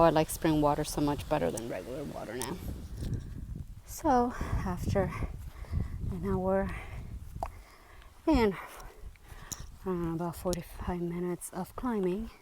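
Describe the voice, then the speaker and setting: Woman vlogging her hike outdoors, slow easy talk, kinda winded, faint noise behind. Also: fairly low pitch, a little mellow. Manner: chatty, easily delighted narration to camera. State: out of breath while climbing. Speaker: hiking vlogger. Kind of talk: casual trail vlog. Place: outdoors on a mountain trail.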